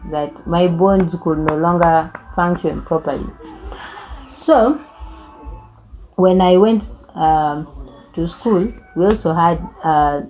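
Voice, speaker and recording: A woman's voice: on the low side, mellow, rough recording. A young woman, telling her life story in an earnest, reflective way. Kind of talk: personal storytelling.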